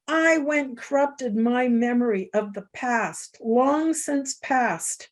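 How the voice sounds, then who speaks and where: A woman's voice: a little high, takes it slowly, few pauses. A middle-aged woman hosting a talk show, telling a personal story in an earnest, emotional way. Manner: earnest, emotional, tearful at times. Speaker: show host.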